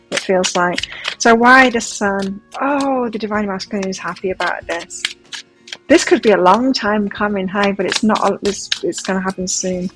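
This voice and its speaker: An excitable woman gives a pick-a-card tarot reading, gasping and exclaiming as each card turns up. Her voice sits at an ordinary middle pitch. Soft music plays faintly behind her. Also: low-quality recording. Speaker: tarot reader.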